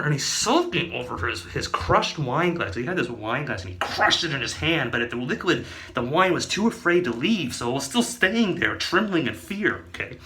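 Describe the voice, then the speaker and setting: A man's voice: a little high, sharp tone. A man rambles through an absurd comic tale, stopping often for fillers and side remarks. His voice moves up and down a lot as he talks. He sounds like an offhand comic storyteller. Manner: rambling, full of fillers and asides.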